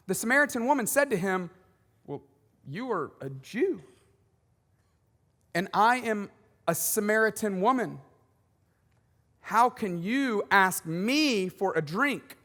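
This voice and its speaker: A man preaching a sermon as pastor, conversational and animated, with joking asides. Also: high voice, long reverb tail. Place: large church auditorium.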